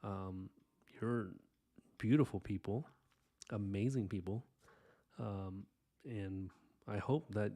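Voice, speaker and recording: A man with a lowish voice talking through an art live stream in a loose, rambling way. He thanks his viewers earnestly and drifts into soft asides and fillers between thoughts about his drawing. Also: slow pace, pauses often. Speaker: live-stream artist host. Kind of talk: casual live-stream chat while inking.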